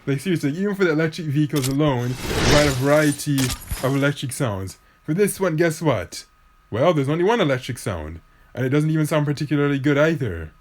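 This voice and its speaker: A man's voice: on the high side, lively intonation, brisk. A man rambling through a mobile racing game commentary, jokey and prone to wild laughs, talking into the phone he plays on. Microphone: phone mic, device the game is played on. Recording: loud racing game engine noise behind.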